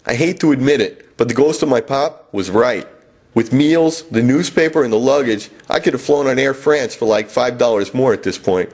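A man telling a comic personal travel story with wry, deadpan self-mockery. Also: medium pitch, moderate pace.

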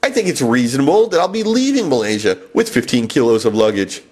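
A man telling a comic personal travel story with wry, deadpan self-mockery. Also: medium pitch, fast talker.

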